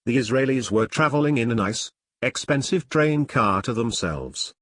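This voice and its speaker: A man narrating a story in a plain, even storytelling read. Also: medium pitch, moderate pace, few pauses, no echo, clean studio sound. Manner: plain storytelling read, few voice changes for characters. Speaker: audiobook narrator. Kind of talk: scripted narration.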